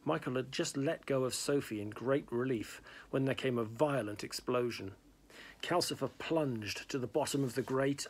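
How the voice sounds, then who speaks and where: A man's voice: mid-range voice, darkish tone, husky. A man reading a novel aloud in plain narration, with small slips and restarts. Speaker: reader.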